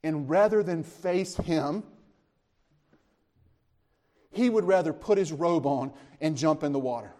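A man's voice: slow pace, long pauses. A man preaching a sermon, retelling scripture as a story, asking his listeners questions and lifting his voice when he speaks the disciples' lines. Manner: animated storytelling, voices the disciples' words with rising pitch; conversational, asks the listeners questions.

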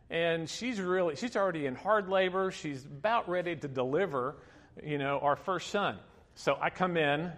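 A man in his fifties preaches from the front of a church, drifting into a personal story with plenty of fillers and little laughs along the way. His voice sits a touch high for a man. Behind him the sound rings out in a long hall reverb. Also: a bit bright. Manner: storytelling, chatty with many fillers, laughing asides. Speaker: pastor.

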